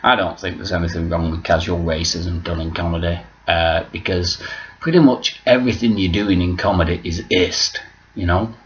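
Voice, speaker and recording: A man's voice: deep voice, fairly even intonation, normal speed, muffled recording. A man rambling through a sweary vlog monologue and losing his train of thought. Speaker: vlogger.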